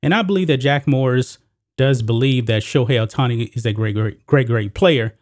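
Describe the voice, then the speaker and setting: A man's voice: mid-range voice, normal speed, no echo, clean studio sound. Man hosting a casual sports commentary. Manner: casual, addresses viewers as guys and folks. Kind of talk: solo sports commentary with a read ad.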